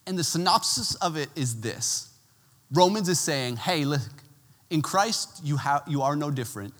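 A man's voice: a little high, moderate pace, in a large hall. A man preaching a sermon in a conversational way, telling stories with casual asides. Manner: conversational, animated storytelling with asides. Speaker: pastor.

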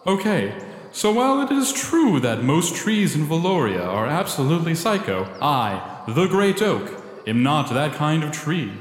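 A man playing a pompous cartoon oak tree whose voice swoops wildly between booming decrees and whiny grumbling. It rings out with a roomy, long-tailed echo, as if the tree itself were a great hall. Grand on the surface, petty underneath. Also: big pitch swings, unhurried. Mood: exasperated. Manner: booming pompous proclamations that slip into casual complaining. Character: self-important talking oak tree, grand but petty.

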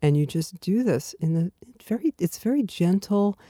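A woman with a mellow, relaxed voice talks in a gentle, soothing way, laughing easily as she chats on a podcast. The sound is dry and close, with no room around it. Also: fairly low pitch, normal speed, no room sound. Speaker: yoga teacher and writer. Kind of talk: casual podcast conversation.

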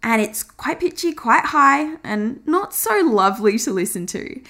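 A woman marketing coach talks straight to camera in an upbeat, encouraging lesson. Her voice sits a little high and moves through a wide, animated pitch range. She keeps it friendly and conversational as she teaches. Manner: demonstrates fast and slow, high and low delivery; encouraging, chatty.

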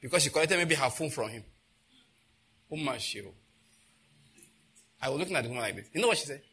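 A man preaching a sermon as pastor, animated and laughing as he acts out what others say. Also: mid-range voice, brisk, gravelly, slightly rough.

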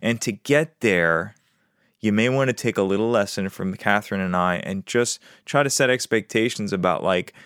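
A man's voice: on the low side, normal speed, fairly bright tone, clean tone, no room sound, studio quality. Laid-back man chatting on a podcast. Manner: laid-back, rambling with restarts. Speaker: podcast co-host. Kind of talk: casual chat.

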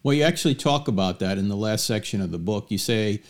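A man's voice: fairly low pitch, lively intonation, quick pace. A man hosting an interview, asking the guest inquisitive questions. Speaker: interview host. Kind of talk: conversational interview.

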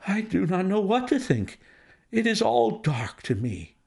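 A man's voice: huge pitch swings, unhurried, gravelly, a little mellow, slightly rough, heavily acted. Man putting on a frantic older banker. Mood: anguished. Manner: pleading, high-strung. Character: distraught wealthy older male banker.

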